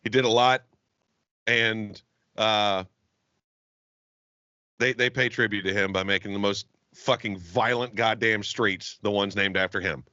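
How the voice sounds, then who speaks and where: A co-host of a casual comedy podcast in Jacksonville, Florida, speaks low at a measured pace, pausing often. He tells rambling, profane stories, acting out their characters in animated quoted voices. The recording has no echo and cut-off highs.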